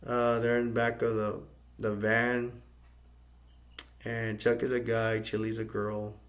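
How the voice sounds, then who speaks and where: A man from the United States casually recapping a film's plot in a flat, rambling way. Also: mid-range voice, slow pace. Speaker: movie reviewer.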